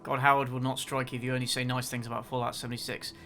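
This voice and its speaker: A man's voice: mid-range voice, flat delivery, fast, bright, forceful tone. A man chatting casually to viewers while streaming a game, dropping wry, sarcastic asides. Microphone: desk mic with facecam.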